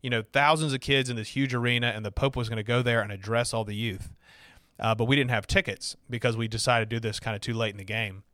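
A man's voice: medium pitch, fairly even intonation, fast talker, a bit bright, no echo. Southern man telling a story, dry sound. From Alabama, US. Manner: chatty, with frequent fillers and restarts. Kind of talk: casual storytelling.

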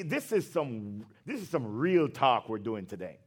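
A male pastor with a mid-range, very animated voice and a breathy edge preaches a sermon. His delivery is slow and emphatic, drawing out phrases, and he slips into conversational asides between scripture readings.

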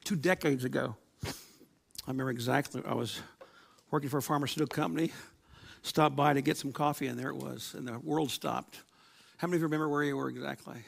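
Gravelly-voiced man preaching a sermon. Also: medium pitch, fairly even intonation, fast talker, pauses often, no echo. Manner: storytelling with laughs and acted-out quotes. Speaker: pastor. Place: church.

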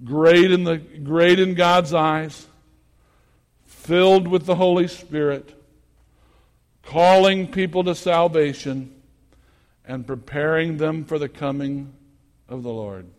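A male pastor preaches a sermon in a high, bright voice that carries a long reverb through the church. He drops to quiet, teacherly talk and then climbs into loud exhortation. When he gets worked up, he repeats and stumbles over his words. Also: fairly even intonation, slow, pauses often. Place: church sanctuary. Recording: long echo of a church hall.

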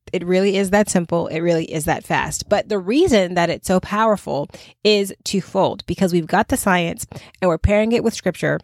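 A woman's voice: on the low side, no echo, studio quality. A woman host giving a casual devotional talk, chatty and full of "right?" and "okay?" tag questions. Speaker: podcast host.

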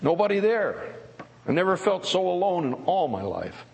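Older man, heartfelt spoken testimony, reflective, halting restarts, long hall reverb. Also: sits high, very animated, gravelly, dull audio. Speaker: former prisoner of war giving testimony. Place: church service.

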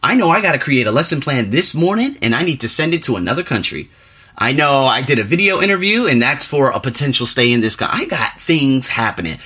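Animated, husky-voiced man vlogging. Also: brisk. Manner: animated, rambling, pitch jumping up for emphasis. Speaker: vlogger and teacher. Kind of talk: casual motivational monologue.

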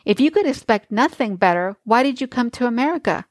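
A woman's voice: a little high, expressive, a little fast, no room sound, voice pushed up. A woman reading aloud as a poor young mother who speaks with doubt and bitterness. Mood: doubtful.

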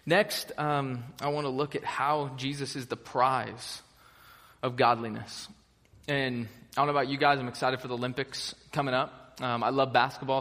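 The long echo of a large hall surrounds a young American man preaching in a fairly bright, mid-range voice. As pastor, he keeps things chatty and enthusiastic, with plenty of filler words.

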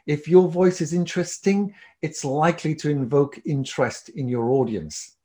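A man teaching public speaking skills, talking with lively swings of loudness and pitch as he explains and demonstrates. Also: unhurried. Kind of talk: presentation skills lesson.

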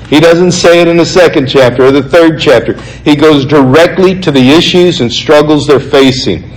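A man's voice: mid-range voice, poor audio. Earnest man preaching a sermon. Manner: earnest, conversational, slows for emphasis. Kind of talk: sermon reading and explaining scripture.

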